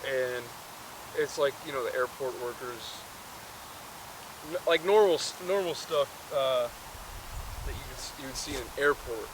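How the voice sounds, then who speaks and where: A man's voice: medium pitch, moderate pace, long pauses, background noise. A man casually retelling a movie, rambling with many fillers and self-corrections.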